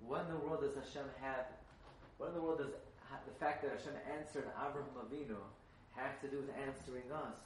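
A man giving a sermon as a rabbi, asking emphatic rhetorical questions and rising into fervent chanting of texts. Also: on the high side. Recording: echoey, from a distance.

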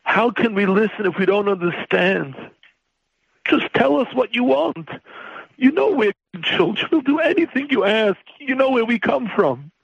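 Pleading rabbi with gravelly high voice. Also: male voice, animated, moderate pace, no echo, muffled recording. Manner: pleading, emotional, rising to cries. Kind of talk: impassioned sermon.

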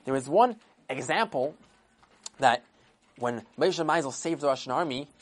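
A woman's voice: very deep voice, normal speed. A woman telling a story to children, dramatic and full of acted voices. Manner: dramatic, with sound effects and voices. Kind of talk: animated storytelling.

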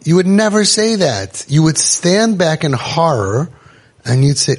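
A man hosting a parenting podcast, telling stories to parents in an animated way. He acts out the voices he quotes and drops Yiddish and Hebrew words into his talk. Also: on the high side, unhurried. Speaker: parenting coach and podcast host.

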